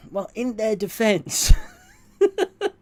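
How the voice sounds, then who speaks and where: His voice is high with big pitch swings, extremely slow and darkish in tone. He's a man from southwest England, his largely RP English accent carrying West Country and Northern touches, a streamer who rambles through viewer questions, self-correcting and chuckling a lot.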